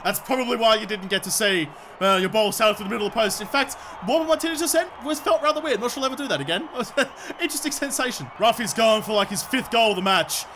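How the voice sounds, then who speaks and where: A young Australian man commentating his own football video game, shouting and cheering at the plays and joking along. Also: sits high, expressive, fast talker, noisy background. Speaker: gaming video creator. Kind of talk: excited gameplay commentary.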